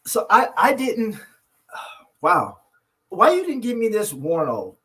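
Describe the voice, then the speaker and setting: A man's voice: high-pitched, huge pitch swings, slow, fairly bright tone, poor audio. A man co-hosting a podcast with his wife, telling stories in an earnest, reflective way. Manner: earnest, reflective storyteller, many restarts. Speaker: podcast co-host. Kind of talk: casual couple chat.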